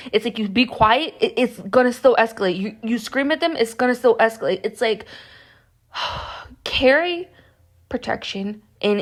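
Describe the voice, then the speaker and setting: A young woman giving upset, impassioned commentary to camera, rambling and restarting as she talks. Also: mid-range voice. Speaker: vlogger.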